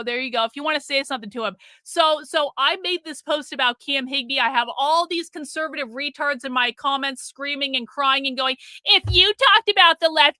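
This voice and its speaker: A woman's voice: sits high, bright, forceful tone, dry recording. A woman hosting a live stream, ranting in a profane, combative way with a sarcastic, mocking edge, stopping to read and thank viewers' super chats.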